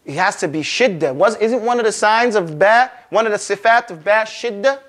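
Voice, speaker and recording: High-voiced man teaching recitation drills. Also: animated, fairly bright tone. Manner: drills pronunciation, stretching sounds slowly and repeating them; casual, conversational teaching with frequent check-ins. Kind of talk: classroom lesson.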